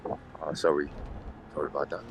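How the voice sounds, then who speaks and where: A man's voice: rumbling low, flat delivery, moderate pace, noisy background. A man, streaming a racing game and chatting in a rambling, joking way. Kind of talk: casual stream banter.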